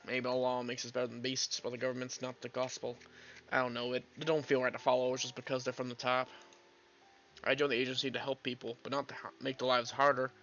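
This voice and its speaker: A man's voice: medium pitch, level tone, fast, a bit bright, lo-fi sound, a little hiss or hum, close to an everyday voice. A man voicing a young male 1930s detective who talks in a plain, reflective way. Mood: earnest.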